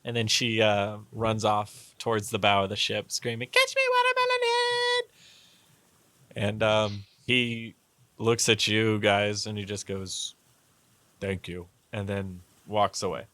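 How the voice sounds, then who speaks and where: A man's voice: lowish voice, flat delivery, a little slow, a bit bright, no echo. A man narrating as game master in a loose, rambling way. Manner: loose, rambling, many fillers and restarts.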